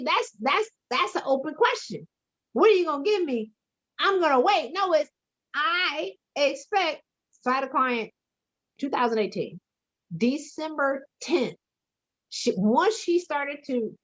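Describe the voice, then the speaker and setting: A woman career coach talking loudly and emphatically in casual chat, telling stories with slang. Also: high-pitched, muffled recording. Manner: loud, emphatic storyteller, slips into slang.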